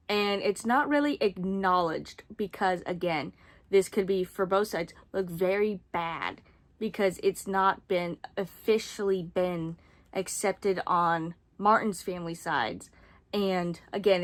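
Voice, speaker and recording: Reviewing a book series in a casual, rambling chat, this young adult woman speaks in a mid-range voice. Her tone is sarcastic, and she swears often and wanders into asides.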